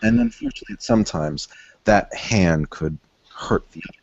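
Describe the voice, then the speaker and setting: A man's voice: low voice, huge pitch swings, moderate pace, vocal fry, darkish tone, husky, no room sound, highs cut off, pitched below the performer's own voice, full character voice. A man voicing a courteous, formal male gangster who negotiates politely.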